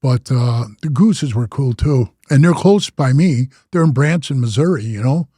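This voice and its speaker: Older male interview guest, rambling storyteller, husky and mellow, dry sound. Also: medium pitch, expressive, normal speed, dry recording. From Wisconsin. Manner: rambling, slangy, says "bro" and "man" a lot. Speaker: interview guest, former biker club president. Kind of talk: casual storytelling.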